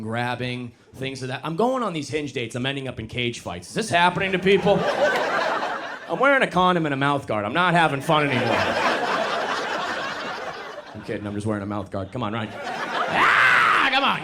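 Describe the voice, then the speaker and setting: A man's voice: mid-range voice, very noisy. A young man doing a stand-up comedy set on a club stage into a handheld mic, casual and self-deprecating, working the crowd.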